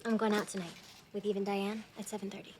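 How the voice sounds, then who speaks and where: An actress playing a teenage daughter heading out for the night, talking in a quick, light, teasing way. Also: female voice, medium pitch, little pitch movement, noisy background, lightly acted. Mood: breezy.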